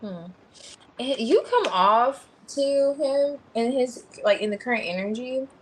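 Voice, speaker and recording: A woman's voice: high voice, expressive, unhurried, low-quality recording. A woman giving a tarot reading on a livestream, thinking aloud as she turns over cards. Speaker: tarot reader.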